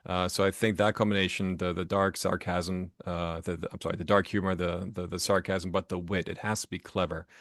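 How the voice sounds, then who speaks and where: A man with a fairly low voice being interviewed about his writing. He tells stories animatedly, restarting phrases often and acting out what people said. The sound is dry and close to the mic. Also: brisk, few pauses, dry recording. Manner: animated storyteller who acts out quotes with many restarts. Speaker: author guest. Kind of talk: casual storytelling interview. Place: Las Vegas.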